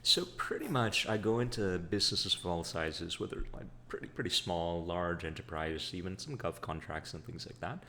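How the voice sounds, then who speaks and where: A man's voice: low voice, normal speed, hardly any pauses, pushed and bright, a little hiss or hum. A man from the Bay Area with a slight Sri Lankan-tinged accent, chatting as a guest in a casual interview, upbeat and full of fillers. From Bay Area, California. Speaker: guest, staffing consultant.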